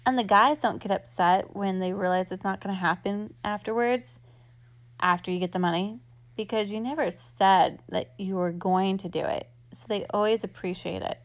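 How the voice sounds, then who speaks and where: A woman talks through a casual online lesson in a chatty way, dropping "like" into nearly every phrase. Her voice sits in a middle pitch. The recording sounds a little dull and lo-fi. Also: moderate pace. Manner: chatty, heavy use of "like" fillers. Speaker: online instructor. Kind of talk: casual instructional talk. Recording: slightly dull lo-fi audio.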